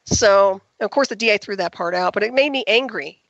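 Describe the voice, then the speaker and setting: A woman's voice: medium pitch, a little fast, no echo. A woman guest on a call-in radio interview, telling her story in an emphatic, indignant way. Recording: dull, dry lo-fi recording.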